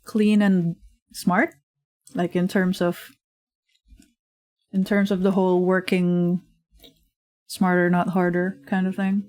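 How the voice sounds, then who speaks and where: Slow, chatty woman streamer. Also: on the low side, flat delivery, darkish tone, dry recording. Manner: chatty and rambling, many fillers, laughs often. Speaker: streamer and digital artist. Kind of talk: casual livestream chat while drawing.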